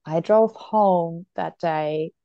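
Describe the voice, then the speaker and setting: A woman's voice: on the low side, extremely slow, no echo, dull audio. A woman in her thirties, a mother and therapist, speaking candidly and reflectively as a podcast guest, often laughing as she tells her story. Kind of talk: candid interview conversation.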